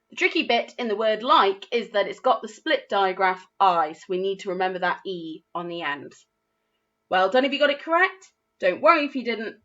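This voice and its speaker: A woman with an English accent teaching a phonics lesson to young children, spelling words out slowly and praising their efforts. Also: mid-range voice, a bit bright, highs cut off. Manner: slow, clearly spelled-out words with encouraging praise. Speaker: primary school teacher.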